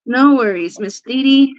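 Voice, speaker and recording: A bubbly woman hosts a casual live stream with a fairly high voice, laughing often and baby-talking to her pets between remarks to viewers. The audio is dry and a little dull, like a simple livestream setup. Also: no echo. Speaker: livestream host.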